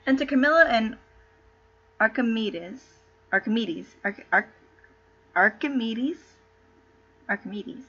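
A giggly woman chats with her stream and reads a play aloud, tripping over names and going off on tangents. Her voice is high and breathy. It comes through a computer microphone with a dull, lo-fi sound. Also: animated, a little slow, pauses often, bright, forceful tone. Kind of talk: casual live-stream chat and reading.

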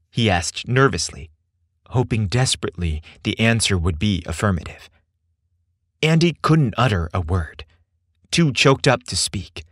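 A man narrating a scripted story with expressive delivery. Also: fairly low pitch, a little slow, no room sound, studio quality.

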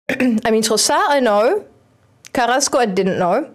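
A young woman, streaming a football manager game and chatting excitedly at it. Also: on the high side, moderate pace. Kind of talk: casual game commentary.

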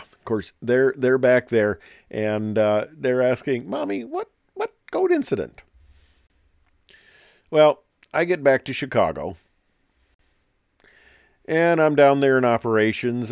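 A man's voice: lowish voice, darkish tone, smooth, no room sound, clean studio sound. Wry older man telling an anecdote. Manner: wry, joking, rambling with fillers. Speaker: retired airline captain. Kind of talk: anecdotal storytelling presentation.

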